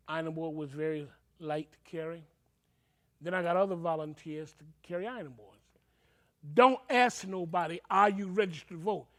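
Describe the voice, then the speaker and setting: A man's voice: fairly high pitch, a bit bright. An older man, a reverend telling his own story with emotion and acting out the voices of people he quotes. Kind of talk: personal storytelling.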